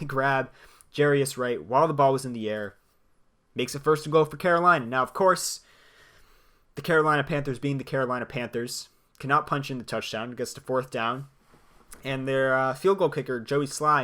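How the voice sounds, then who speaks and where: A young man hosting a solo sports podcast. He gives blunt opinions in a lively way and laughs between his points. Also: medium pitch. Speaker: podcast host.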